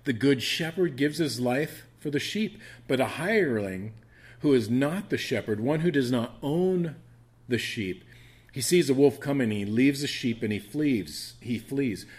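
A man of middling pitch teaching scripture to a group. He reads verses aloud and then explains them in a plain, earnest, conversational way. He often restarts his phrases and builds his emphasis as he goes. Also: lively intonation, unhurried, darkish tone. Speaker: pastor teaching a Bible study. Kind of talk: expository Bible teaching.

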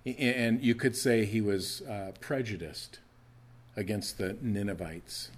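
A man's voice: lowish voice, unhurried. A middle-aged male pastor preaching a sermon in a conversational way, often restarting his phrases.

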